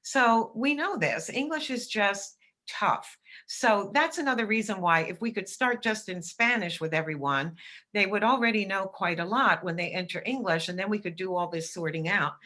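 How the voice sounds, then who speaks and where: A woman's voice: medium pitch, expressive, moderate pace, bright, forceful tone. A middle-aged woman presenting a webinar lecture, explaining emphatically and sounding out words as examples. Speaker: teacher educator presenting.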